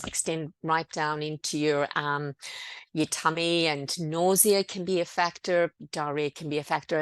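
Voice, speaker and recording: A woman's voice: low-pitched, no room sound. A middle-aged woman, a clinical nurse giving an online education seminar in a reassuring, conversational way with many fillers.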